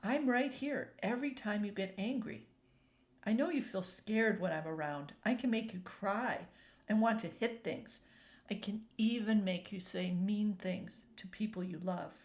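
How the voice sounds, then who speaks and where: A hairy red creature who is a child's own anger speaks in a low, hushed murmur, put on by a woman reading aloud. It is gentle and patient, never loud. The storybook delivery is unhurried. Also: close to an everyday voice. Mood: calm. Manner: hushed, low, soft-spoken.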